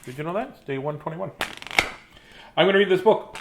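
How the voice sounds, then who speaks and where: A man's voice: a little high, animated, fairly quick, heavy background noise. A man in his fifties reading a children's book aloud live, chatting and joking between pages. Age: 50s. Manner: chatty, jokey, digressive. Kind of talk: casual live read-aloud.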